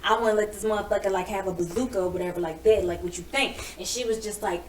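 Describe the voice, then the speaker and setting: A woman co-hosting a podcast in casual chat, telling a story in an animated way, acting out what people said and swearing freely. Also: mid-range voice, quick pace. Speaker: podcast co-host. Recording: echoey room, voice from a distance, faint background noise.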